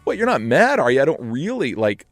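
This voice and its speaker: A man's voice: medium pitch, sing-song, brisk, no room sound, soft background music, pitched above the performer's own voice. A man voicing a blunt, chatty woman friend who rambles offhandedly, in a radio studio. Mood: offhand.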